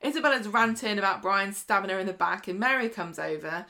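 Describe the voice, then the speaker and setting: A woman co-hosting a podcast recaps a soap opera in casual, chatty conversation. She talks fast at a medium pitch with a sharp tone, laughs often, and acts out the characters' lines.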